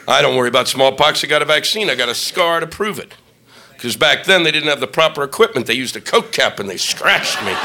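A man performing a stand-up comedy set, ranting and profane, shouting his punchlines, recorded live on a club stage before a laughing audience. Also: a little high, slight background noise.

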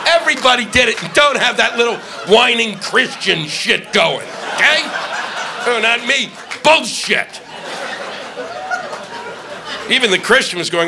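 A man doing a stand-up comedy routine on stage, ranting and profane, shouting his punchlines. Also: extremely high pitch, expressive, measured pace, gravelly, pauses often, a crowd in the background. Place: comedy stage before a live audience. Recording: live club audio with ambient noise.

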